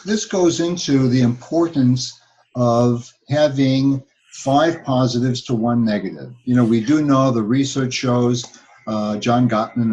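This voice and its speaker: A man at an ordinary middle pitch explains relationship ideas in a measured way, pausing on little fillers as he goes. He speaks as a couples therapist in a relaxed advice chat. The recording sounds a bit dull and lo-fi.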